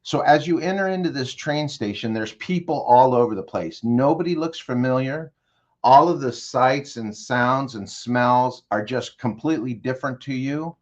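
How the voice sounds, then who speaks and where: A man's voice: mid-range voice, moderate pace, a little mellow, highs cut off. Man guiding a vivid scenario. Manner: leads the listener with direct questions. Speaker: guest consultant. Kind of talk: guided storytelling in an interview.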